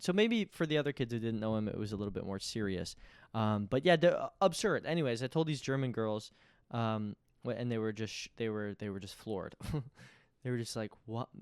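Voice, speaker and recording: A man's voice: mid-range voice, smooth, dry recording, studio quality. A man, hosting a podcast in a rambling, self-interrupting comedic monologue. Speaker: podcast host.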